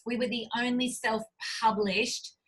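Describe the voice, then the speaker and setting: A woman's voice: a little high, fairly even intonation, measured pace, fairly bright tone, breathy edge, rough recording. A middle-aged Australian woman telling stories as an interview guest, effusive and full of "like" and "you know" fillers. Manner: effusive, gushing storyteller with many fillers. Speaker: guest, cookbook publisher. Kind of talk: casual interview talk.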